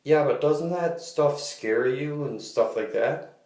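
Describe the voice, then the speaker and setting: A man putting on the voice of a shocked middle-aged female cashier, quoting her in a higher, wide-eyed tone in an echoey room. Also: slow, darkish tone. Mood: alarmed. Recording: roomy echo.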